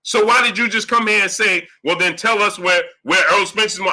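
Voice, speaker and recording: A man with a high-sitting, sharp voice speaks at a moderate pace with hardly any pauses. He hosts a boxing live stream, arguing emphatically with rhetorical questions and reading out super chats in heated commentary.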